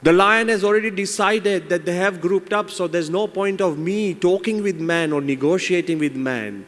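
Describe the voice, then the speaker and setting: A monk giving an inspirational moral talk, animated as he tells a fable. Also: high-pitched, moderate pace. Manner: animated storyteller. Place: large seminar hall. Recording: long reverb in large hall.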